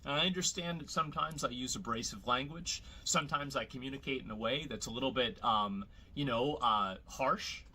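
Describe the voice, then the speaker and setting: A man's voice: mid-range voice, fairly quick, few pauses, bright, forceful tone, husky, rough recording. A man in a played clip, speaking in a blunt, defiant monologue.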